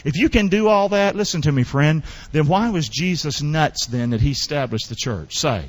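A man preaching a sermon, calling out questions for the congregation to answer and swinging between loud bursts and quiet asides. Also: high-pitched, expressive, fairly quick, few pauses. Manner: call-and-response preaching, quizzing the congregation. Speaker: pastor.

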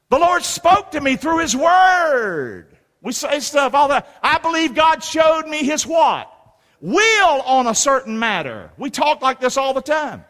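High-voiced animated preacher in a reverberant hall. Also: male voice, unhurried. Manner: lively call-and-response preaching, rhetorical questions. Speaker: pastor. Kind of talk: sermon. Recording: long reverb of a large hall.

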